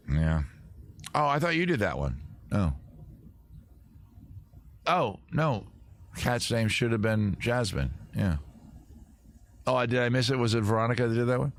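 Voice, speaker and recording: A man's voice: medium pitch, sing-song, unhurried, long pauses, fairly bright tone. A man from Maryland hosting a casual livestream, rambling and joking as he reads viewer comments aloud. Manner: rambling, jokey, talks to chat and guests. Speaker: livestream host.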